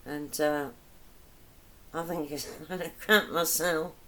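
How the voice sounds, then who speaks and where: A woman's voice: low voice, fairly even intonation, takes it slowly, sharp tone. A woman cooking vlogger chatting casually while she cooks, wandering between topics with self-deprecating asides.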